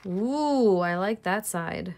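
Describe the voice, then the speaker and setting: A woman's voice: mid-range voice, expressive, slow, gravelly, a little mellow. A woman reseller chatting casually through an unboxing, gushing over each piece and laughing at herself. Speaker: jewelry reseller vlogger.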